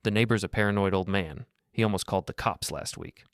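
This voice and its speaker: A man's voice: low-pitched, brisk, smooth, no room sound, studio quality. A man voicing a scheming, callous young woman of twenty-three in a storybook reading, offhand and mocking. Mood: scornful.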